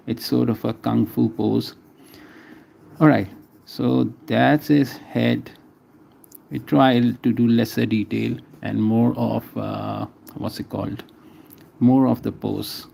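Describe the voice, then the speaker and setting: A man's voice: mid-range voice, fairly even intonation, slow pace, vocal fry, dark tone, slight background noise. A man casually talking through a live drawing session, naming each stroke as he draws and chatting with viewers. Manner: chats with viewers between strokes. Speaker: artist streaming a drawing session.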